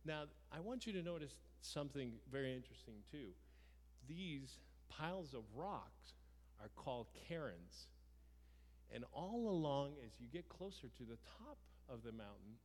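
A man preaching through a personal story, lively and theatrical, breaking into the voices of the people in it. His voice sits at an ordinary middle pitch. It rings out into a long hall reverb. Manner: lively, acts out his own shouts and dialogue. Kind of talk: storytelling sermon.

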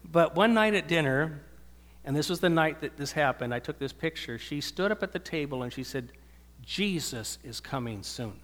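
A man's voice: a little high, brisk, fairly bright tone. A male pastor giving an earnest sermon that swells into emphatic preaching, in a church hall with long reverb.

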